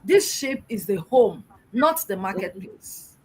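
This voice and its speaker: A woman's voice: medium pitch, expressive, takes it slowly, background noise. A middle-aged woman from Nigeria, a public relations expert answering interview questions in an emphatic, exhorting way, full of rhetorical questions.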